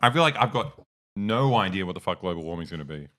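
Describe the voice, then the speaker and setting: A man's voice: sits low, lively intonation, fast, bright, forceful tone. A young man co-hosting a casual news chat, blunt and jokey, swearing freely. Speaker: podcast co-host.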